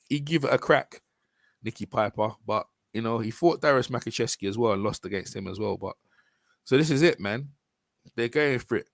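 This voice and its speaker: A man's voice: medium pitch, vocal fry, no room sound. A man with a London accent hosting a boxing channel, talking casually and rambling over a fight video. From London, England. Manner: rambling, informal, with frequent restarts and fillers.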